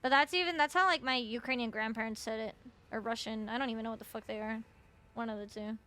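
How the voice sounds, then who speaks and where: A young Canadian woman streams a game and chats with her viewers, her high voice bright and sharp. She rambles casually, full of likes and ums, with frequent swearing. Her accent is Canadian. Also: fairly even intonation, fast. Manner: chatty, swears, many fillers. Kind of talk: casual live-stream chat while gaming.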